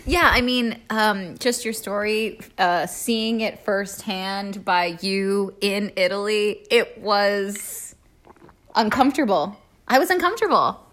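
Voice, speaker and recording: A woman's voice: mid-range voice, slow pace, a bit bright, slight background noise. An easygoing woman co-hosting a casual podcast chat. She speaks frankly and keeps many of her replies short. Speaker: podcast co-host.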